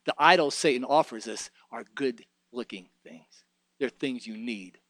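A man's voice: mid-range voice, measured pace, a bit bright, dry recording. A man preaching a sermon in a folksy way, mixing joking asides with fervent, emphatic exhortation.

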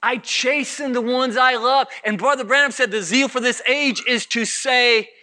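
High-pitched bright guy preaching hard, yells then goes quiet, mocks churchgoers. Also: moderate pace. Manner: swings from shouting to low intense murmurs; acts out congregation voices mockingly. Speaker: pastor. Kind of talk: fiery sermon.

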